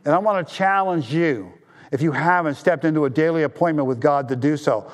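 A man preaching a sermon as pastor, swinging from raised appeals down to hushed, low tones for emphasis. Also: a little fast.

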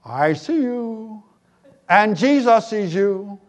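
Picture a small, watchful parrot that drags out every word in a high, eerie squawk, as a male preacher puts it on. Its tone is slow and unnerving. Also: lively intonation.

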